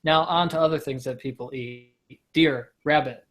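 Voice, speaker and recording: A man co-hosting a casual talk show, rambling and joking, his voice often trailing off quietly. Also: a little high, steady tone, moderate pace. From United States. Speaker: podcast co-host. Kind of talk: casual chat.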